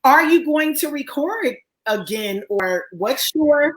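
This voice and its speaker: High raspy woman hosting a talk show. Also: animated, slow pace, fairly bright tone, rough recording. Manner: upbeat, preacherly encouragement. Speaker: host. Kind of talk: live online talk show chat.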